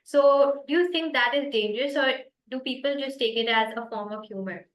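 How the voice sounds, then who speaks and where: A woman's voice: sits high, moderate pace. Woman podcast host, upbeat questions, roomy sound. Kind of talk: hosted interview questions. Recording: echoey room with faint music.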